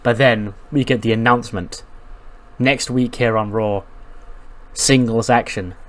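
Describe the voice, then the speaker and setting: Animated man narrating a sim game. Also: medium pitch, unhurried. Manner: animated, profane. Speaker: gaming commentator. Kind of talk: casual let's-play commentary.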